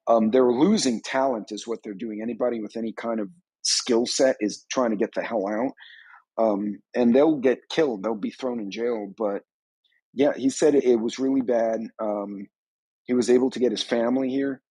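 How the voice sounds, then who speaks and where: A man's voice: mid-range voice, moderate pace, darkish tone, breathy edge, no echo, rough recording. A man hosting a live stream on a preparedness channel, giving rambling, conversational commentary on current events.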